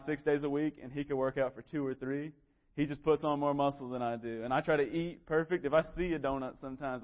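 A man's voice: mid-range voice, highs cut off. Young man preaching a casual sermon. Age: 20s. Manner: earnest storytelling, self-deprecating humor. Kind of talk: sermon with scripture reading. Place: church sanctuary.

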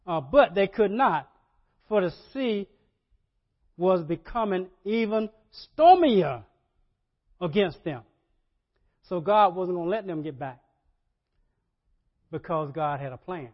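A man preaching a sermon, animated, repeating words and rising to loud emphasis. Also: high voice, takes it slowly, pauses often. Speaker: pastor. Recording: dull lo-fi sermon audio.

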